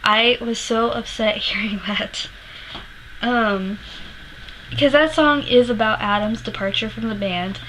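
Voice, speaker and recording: A woman's voice: on the high side, unhurried, a bit bright, slight background noise, rough recording. A woman vlogger animatedly retelling a personal story to camera, swearing freely and laughing as she goes, emotional while she remembers it.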